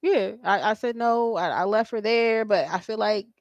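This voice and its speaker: A woman's voice: medium pitch, normal speed, dry recording, highs cut off, close to an everyday voice. A woman voicing an earnest grown man confessing to his partner, hesitant and stumbling.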